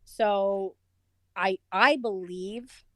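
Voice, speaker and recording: Guest woman with a mid-range voice, animated storyteller, dry and close. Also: medium pitch, extremely slow, dry recording. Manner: animated, acts out quoted voices. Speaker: interview guest. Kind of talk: conversational storytelling.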